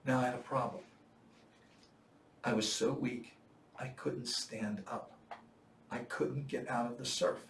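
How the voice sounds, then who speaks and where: An older man tells a long story in a casual, lively way, now and then acting out the voices he quotes with loud bursts. He sounds set back from the mic in an echoey room, with a faint noise underneath. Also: mid-range voice, unhurried, long pauses, recorded from a distance. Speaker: Marine veteran storyteller.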